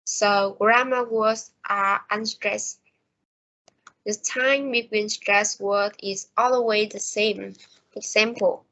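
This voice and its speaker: A woman presents a pronunciation lesson at an unhurried, deliberate pace, reading from her notes. Her voice is of middling pitch and comes through a dull, lo-fi recording. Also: fairly even intonation, sharp tone. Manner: slow, careful reading of prepared notes. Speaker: student presenter.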